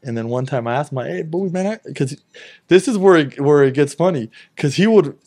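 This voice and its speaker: A man's voice: mid-range voice, expressive, brisk, darkish tone. A young man in casual chat, telling a long story at a rambling pace, swearing freely and acting out what others said. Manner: rambling, swears freely, acts out quoted talk. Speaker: guest.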